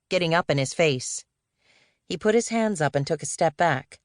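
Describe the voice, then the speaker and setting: A woman reading an audiobook in a steady, measured narration style, recorded on a studio microphone. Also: deep voice, no echo. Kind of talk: scripted narration.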